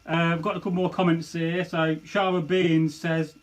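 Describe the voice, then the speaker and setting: A man's voice: fairly high pitch, little pitch movement, moderate pace. A man hosting a casual livestream, reading viewer comments aloud and laughing often. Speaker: host.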